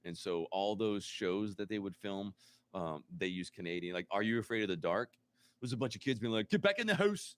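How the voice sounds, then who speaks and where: A man co-hosting a casual live chat, speaking earnestly and in a measured way. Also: low voice, steady tone, clean tone. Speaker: podcast co-host.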